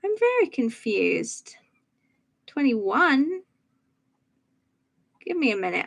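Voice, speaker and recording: High-voiced woman chatting through a craft livestream. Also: gravelly, fairly bright tone. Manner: chatty, self-deprecating, thinking aloud. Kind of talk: casual livestream chat while crafting.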